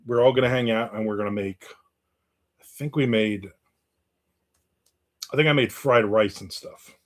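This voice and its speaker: A man's voice: lowish voice, normal speed. A middle-aged man from New Jersey hosting a livestream, chatting casually and reading out viewer comments in a blunt, rambling, joking way. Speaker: livestream host.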